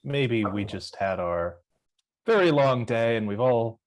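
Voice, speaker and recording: Mid-pitched male player musing. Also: expressive, a little slow. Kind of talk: casual tabletop play.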